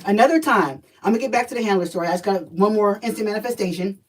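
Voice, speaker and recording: A woman telling a personal story on a livestream, animated and profane, talking straight to her viewers. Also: medium pitch, racing, slightly rough, far from the mic, rough recording.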